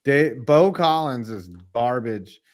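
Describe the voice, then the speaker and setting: A man's voice: mid-range voice, slow pace. A man co-hosting a casual sports podcast, blunt and jokey, with frequent swearing. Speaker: co-host.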